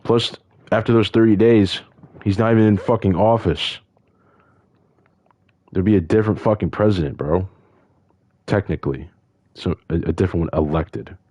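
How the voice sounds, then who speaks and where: Deep-voiced man ranting profanely. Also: normal speed, pauses often, mellow, no echo, studio quality. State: upset. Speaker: vlogger. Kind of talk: angry casual rant.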